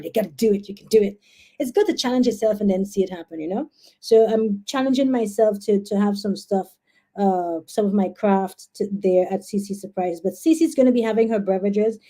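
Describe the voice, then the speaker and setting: Chatty Guyanese woman live-streaming. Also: medium pitch. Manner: chatty, excitable, laughs and exclaims often. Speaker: livestream host. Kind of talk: casual live-stream chat.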